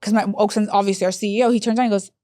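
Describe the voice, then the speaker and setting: A woman in her thirties, a hospice executive, telling lively stories in a podcast interview and acting out other people's voices. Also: racing, dry recording. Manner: animated, acts out quoted voices with big pitch jumps.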